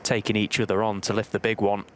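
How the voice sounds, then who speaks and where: A former player turned co-commentator, he breaks down the play in a measured, analytical way. His voice sits a little low. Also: flat delivery, fairly bright tone, slight background noise. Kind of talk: live sports commentary.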